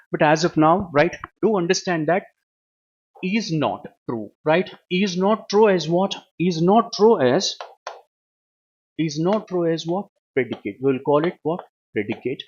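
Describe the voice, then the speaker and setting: A man with a slightly high voice teaches a live online English grammar class, repeatedly asking questions, answering them himself and tacking on "right, ma?" The sound is lo-fi.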